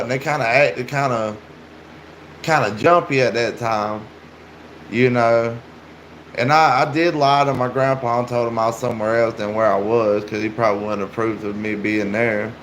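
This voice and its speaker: A man's voice: medium pitch, a bit bright, slight background noise. A man casually telling a story, rambling and filling gaps with "like" and "you know".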